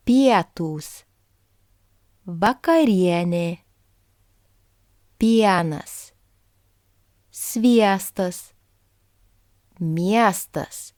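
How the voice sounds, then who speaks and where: Slow, careful woman language teacher. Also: lowish voice, a little mellow, no echo, clean studio sound. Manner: slow, deliberate modeling of words. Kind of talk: pronunciation lesson.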